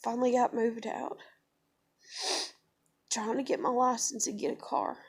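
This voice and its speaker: A woman's voice: on the high side, steady tone, a little slow, breathy edge. Profane blunt woman vlogger. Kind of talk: personal storytelling monologue.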